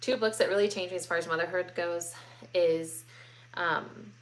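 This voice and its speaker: A woman's voice: lowish voice, steady tone, moderate pace, slight background noise. Chatty woman hosting a live Q&A. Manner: chatty, many ums and likes, reads comments aloud. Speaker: host answering viewer questions. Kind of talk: casual live Q&A chat.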